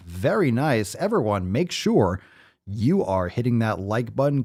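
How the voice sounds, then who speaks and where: A man's voice: mid-range voice, very animated, measured pace, heavy background noise. A man hosting a podcast, ranting in a heated, mocking and foul-mouthed way. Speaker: podcast host. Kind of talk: profane fired-up rant.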